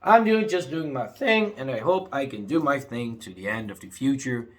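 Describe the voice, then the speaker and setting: A young man talking casually to his viewers, swinging between angry outbursts and low, sad muttering, full of "you know" and "man". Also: lively intonation, moderate pace, a bit bright. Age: young adult. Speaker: vlogger. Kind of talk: casual rant to camera.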